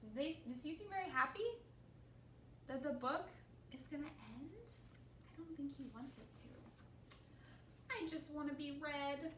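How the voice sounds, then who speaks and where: A woman's voice: high voice, normal speed, pauses often, a little hiss or hum. A woman librarian reading a picture book aloud at storytime, asking the listeners questions as she goes. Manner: animated, asks listeners questions. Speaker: children's librarian. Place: library children's room. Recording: echoey room, distant mic.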